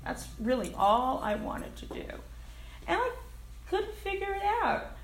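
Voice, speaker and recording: At a meeting, an older woman gives a candid personal recovery share, swearing casually and laughing at herself. Her voice is high-pitched with big pitch swings at a measured pace, and the room is echoey with faint ambience.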